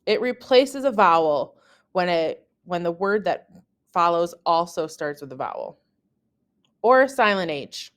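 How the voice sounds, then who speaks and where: A woman French teacher narrating a scripted lesson, saying example words slowly and carefully. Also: fairly low pitch, animated.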